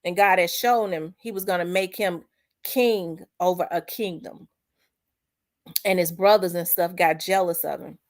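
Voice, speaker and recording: A woman's voice: lowish voice, a little slow. An emphatic woman speaks to her channel audience in a preaching style. She repeats herself for emphasis and quotes scripture. Her speech is casual and colloquial. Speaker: channel host. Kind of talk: emotional preaching-style monologue.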